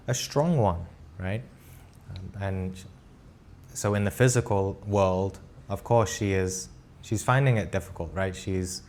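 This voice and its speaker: A man's voice: fairly low pitch, a little mellow. A man teaching a live spiritual class, recounting an experience in short, earnest phrases and often checking in with "right?". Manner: talks in short halting phrases with frequent restarts.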